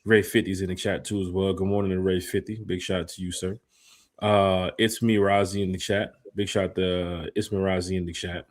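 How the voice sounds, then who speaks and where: A man co-hosting a casual live fan podcast, reading out viewer shout-outs with energy. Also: low-pitched, little pitch movement, a little fast. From lived in Memphis. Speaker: podcast co-host. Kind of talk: casual live-stream chat.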